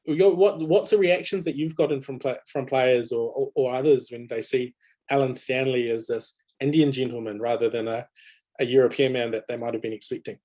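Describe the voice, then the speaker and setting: A man moderates a panel discussion over a video call mic. He sounds conversational and mid-pitched, and he often restarts his sentences. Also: fairly even intonation, brisk, mellow. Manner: conversational, many fillers and restarts. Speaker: webinar moderator.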